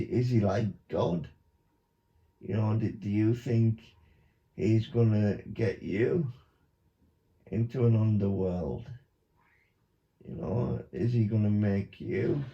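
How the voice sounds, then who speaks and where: A man, a YouTuber, giving a mock hypnosis monologue with slow, repetitive, coaxing instructions. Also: lowish voice, gravelly, warm tone. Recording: dull lo-fi recording.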